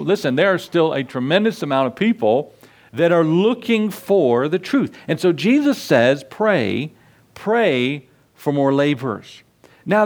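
A man preaching a sermon as pastor, earnest and folksy, often putting questions to his listeners. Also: a little high.

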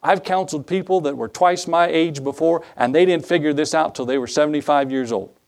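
A pastor delivers a sermon in a man's voice pitched a little above the usual. He talks to the congregation conversationally, throwing out rhetorical questions and acting out short exchanges as he goes. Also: brisk, darkish tone. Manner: conversational preaching that acts out dialogues and asks rhetorical questions.

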